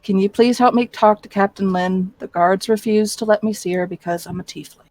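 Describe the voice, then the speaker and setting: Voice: medium pitch, fairly even intonation, brisk, darkish tone, no room sound, close to an everyday voice. A player voicing a polite part-tiefling woman adventurer who asks for help. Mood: pleading. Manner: polite, pleading requests.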